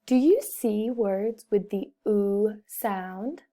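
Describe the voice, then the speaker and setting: A woman's voice: medium pitch, takes it slowly, few pauses, mellow. A woman teaching a phonics lesson to young children, carefully sounding out and repeating each word. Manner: over-enunciates words and repeats them, speaks to children. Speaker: first-grade teacher.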